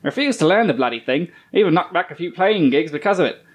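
A man's voice: a little high, expressive, fast, lightly acted. A man reading a listener's letter in a clumsy mock Australian accent, voicing a rowdy Australian bagpiper who keeps laughing through it. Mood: cheeky.

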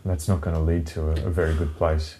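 A man with a very deep voice talks loosely with a friend on a podcast. He wanders from point to point, swears casually and laughs a lot. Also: little pitch movement, fairly quick, mellow, slight background noise. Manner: rambling, swears freely, laughs often. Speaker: podcast co-host. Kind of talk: casual chat.

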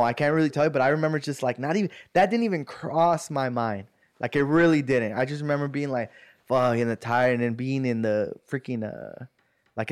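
A man casually telling friends a long story, rambling and slangy, acting out what others said. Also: medium pitch. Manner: rambling, slangy, acts out quoted voices. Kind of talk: casual chat.

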